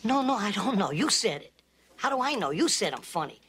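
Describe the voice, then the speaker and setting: An actor playing a volatile, menacing gangster who needles and interrogates with heavy swearing in a film scene. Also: male voice, sits high, big pitch swings, fairly quick, fairly bright tone, exaggerated voice. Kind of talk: film drama clip.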